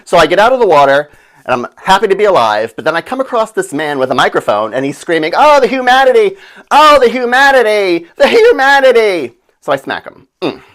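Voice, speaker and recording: A man's voice: on the high side, very animated, fast talker, fairly bright tone. A man playing a brash, chatty woman named Gladys, telling her disaster story as a breezy, flippant comedic monologue.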